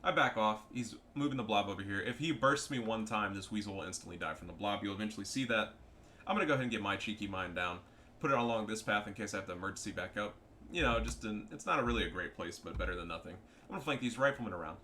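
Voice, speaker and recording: A young man giving casual, profane, excitable commentary over his own strategy game match. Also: fairly low pitch, fast, slight background noise. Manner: profane, excitable, trash-talking. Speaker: gameplay commentator.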